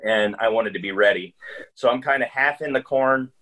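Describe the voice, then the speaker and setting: A man's voice: medium pitch, moderate pace, a bit bright, poor audio. Rambling man telling a hunting story. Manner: rambling, with frequent restarts and fillers. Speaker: guest hunter. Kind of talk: casual storytelling.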